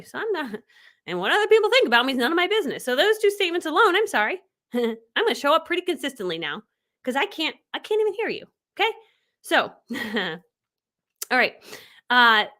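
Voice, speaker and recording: A woman in her forties coaching viewers on a livestream. Her voice sits high and swoops with lively animation. She is chatty and enthusiastic, laughing as she acts out little quoted exchanges. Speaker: online business coach. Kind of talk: live-streamed coaching talk.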